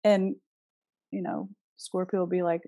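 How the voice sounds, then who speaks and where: A woman's voice: mid-range voice, normal speed, no room sound, studio quality. Earnest woman with emphatic questions. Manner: earnest, emphatic, with frank swearing; lively rhetorical questions. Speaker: astrology speaker. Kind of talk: casual spoken talk.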